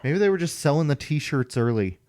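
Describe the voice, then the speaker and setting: A man's voice: on the high side, animated, fairly quick, darkish tone. A man co-hosting a casual unboxing chat, offering trivia and history in an informative way. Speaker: co-host.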